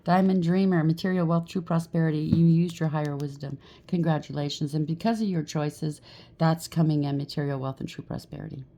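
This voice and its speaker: A woman talks through a tarot spread in an easy, chatty way, often stopping to ask "okay?" or "right?". Her voice sits low with a gravelly fry. The tone is dark and mellow. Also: fairly even intonation, brisk. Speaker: tarot reader. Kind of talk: casual tarot card reading.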